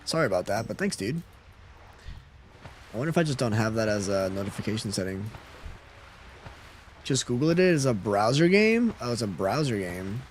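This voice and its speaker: A man's voice: fairly low pitch, sing-song, normal speed, pauses often, a little hiss or hum. Laid-back male gaming streamer. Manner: laid-back, chuckling, reads out chat messages. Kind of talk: casual live-stream chat while gaming.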